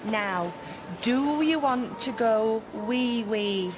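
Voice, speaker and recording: A woman's voice: on the high side, expressive, extremely slow, music in the background. An actress playing a cheeky woman in a TV soap drama, with coaxing sing-song baby talk.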